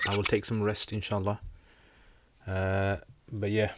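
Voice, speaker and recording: A man hosting a casual livestream Q&A, answering religious questions and reading viewer comments in a relaxed, joking manner. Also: on the low side, a little slow, background noise.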